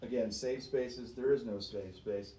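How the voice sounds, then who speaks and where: A man's voice: mid-range voice, fairly even intonation, measured pace, dark tone. A man preaching to a small group, emphatic and fond of rhetorical questions, often repeating himself. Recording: roomy sound from a distance.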